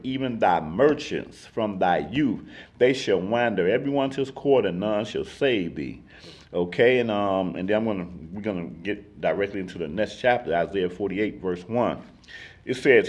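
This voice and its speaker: A man's voice: on the low side, a little mellow. A man in ministry leading a casual Bible study, talking earnestly with emphatic restarts and reading scripture aloud. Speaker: ministry teacher.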